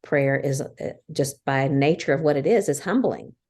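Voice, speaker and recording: A woman's voice: extremely low pitch, normal speed, a little mellow. A woman in her fifties co-hosting a casual faith podcast, earnestly explaining her points one by one. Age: 50s. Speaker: podcast co-host.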